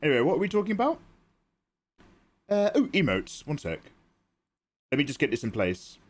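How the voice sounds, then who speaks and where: A man's voice: a little high, huge pitch swings, moderate pace. A man livestreaming his digital drawing, rambling and joking as he talks to his chat. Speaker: art livestreamer.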